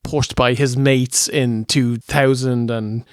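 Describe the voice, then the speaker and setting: An Irish man co-hosting a casual wrestling podcast, enthusiastic and quick to laugh. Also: mid-range voice, steady tone, smooth, dry recording, studio quality. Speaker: podcast co-host. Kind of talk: casual review chat.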